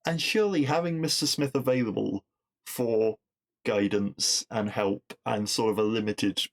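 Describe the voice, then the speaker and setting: Man, low gravelly voice, chatty podcast recap. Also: normal speed. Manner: chatty, enthusiastic recapping with quoted lines. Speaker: podcast host. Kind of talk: casual episode recap.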